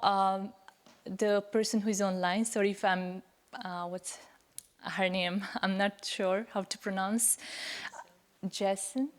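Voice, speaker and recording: A woman in the audience puts an earnest, drawn-out question to a panel. She sits at a middle pitch and keeps pausing, restarting and apologizing as she goes. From Pakistan. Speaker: audience member asking a question.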